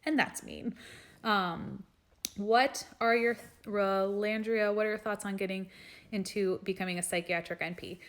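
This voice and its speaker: A woman's voice: medium pitch, flat delivery, moderate pace. A young adult woman, a nurse practitioner, reading out viewers' questions in a live stream and answering them in a frank, chatty way. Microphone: phone or webcam for a live stream.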